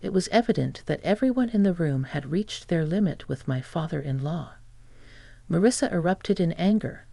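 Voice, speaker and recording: Gravelly, flat text-to-speech story narrator. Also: female voice, fairly low pitch, normal speed, no echo.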